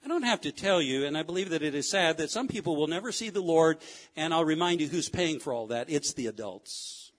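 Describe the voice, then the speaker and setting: Fervent, high-pitched preacher man. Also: expressive, fairly quick. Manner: swings from loud fervent cries to low quiet asides. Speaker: pastor. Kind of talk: sermon. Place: church sanctuary.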